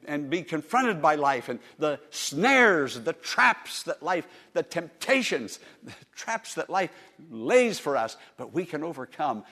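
Preacher guy getting fired up, high voice that swoops all over, calls out to the crowd. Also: fairly bright tone. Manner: impassioned, rising and falling, calls on listeners to answer. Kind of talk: sermon.

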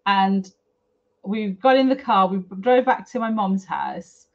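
A woman's voice: mid-range voice, expressive, slow, creaky. A middle-aged woman, a guest on an interview, telling a personal story candidly and with feeling, chatty and full of fillers. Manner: frank, emotional, chatty with fillers. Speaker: guest, property developer. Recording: slightly dull lo-fi audio.

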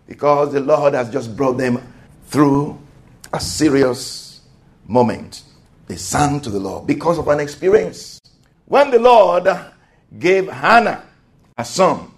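Male preacher, high-pitched, emphatic sermon delivery with loud peaks. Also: lively intonation, slow. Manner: emphatic, swells to loud exclamations, calls for amen.

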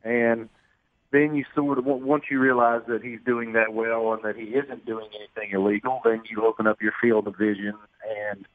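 Brief: chatty man on a tinny phone line, steady mid pitch, storytelling guest. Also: no echo. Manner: storytelling, self-deprecating, chatty. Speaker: sportscaster guest. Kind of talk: phone-in radio interview.

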